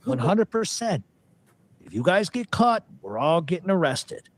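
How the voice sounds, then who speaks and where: A man's voice: high voice, very animated, unhurried. A man telling a rambling, profane story in a casual way.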